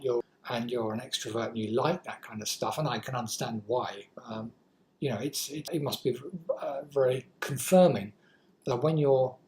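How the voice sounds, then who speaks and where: A woman's voice: a bass voice, darkish tone, a little hiss or hum, low-quality recording. Rambling English woman in her sixties. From England. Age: 60s. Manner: rambling, self-deprecating, swears freely. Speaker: vlogger. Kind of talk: casual talk to camera.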